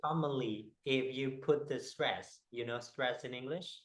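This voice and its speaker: A man teaching a one-on-one English pronunciation lesson, explaining haltingly with many fillers. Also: medium pitch, fairly bright tone, poor audio.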